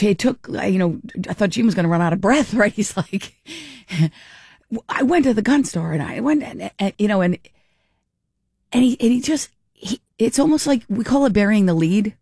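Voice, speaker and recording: A woman hosting a morning talk radio show, chatting in an animated way and acting out little dialogues. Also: medium pitch, normal speed, no echo, clean studio sound. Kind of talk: casual talk radio commentary. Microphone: studio microphone.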